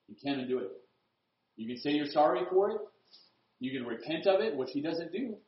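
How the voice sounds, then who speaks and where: A man preaching a sermon, swinging from loud, emphatic lines to hushed, earnest asides. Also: a little high, lively intonation, brisk, long pauses, muffled recording.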